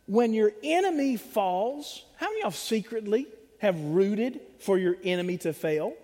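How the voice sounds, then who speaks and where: A man preaching a sermon to a church congregation, animated and humorous, often acting out the voices of other people. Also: high-pitched. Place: church sanctuary. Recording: long hall reverb.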